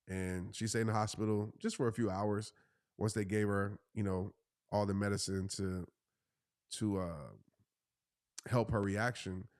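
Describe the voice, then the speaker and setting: A man, telling a story in a casual, animated way and jumping into high voices for the people he quotes. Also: no room sound, clean studio sound. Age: 30s. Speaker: host.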